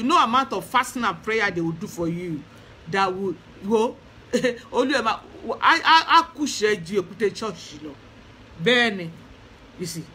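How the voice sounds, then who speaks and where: A man's voice: very high voice, sharp tone, slight background noise. A man, an Ifá spiritualist talking earnestly on a livestream and chanting praise verses, switching between Yoruba and English.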